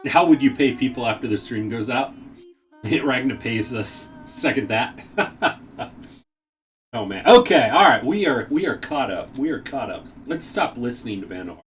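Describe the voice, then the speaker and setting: A man's voice: mid-range voice, normal speed, soft background music. Guy streaming a game and reading chat, laughs a lot, voice bounces all over, sounds a bit far from the mic. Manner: laughs often, excitable exclamations. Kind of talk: casual live-stream chat reading viewer messages.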